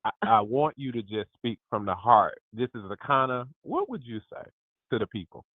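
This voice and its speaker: A man in his fifties hosting a lively group call, exuberant and emphatic, often calling out to his listeners. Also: medium pitch, normal speed, no room sound. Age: 50s. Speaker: host. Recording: dry tinny phone line.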